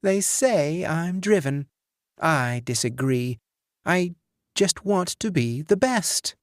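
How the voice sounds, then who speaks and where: A man voicing a tired, polite, career-driven young woman who grows drowsy, speaking softly and raised well above his own pitch. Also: lively intonation, slow, no room sound, studio quality. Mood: polite, sleepy. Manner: drowsy, fading, soft replies.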